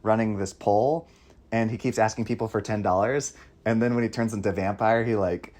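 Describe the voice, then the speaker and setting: A man's voice: fairly low pitch, fairly even intonation, fairly quick, darkish tone. A young man co-hosting a casual movie chat, rambling along with hesitant restarts. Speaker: podcast co-host.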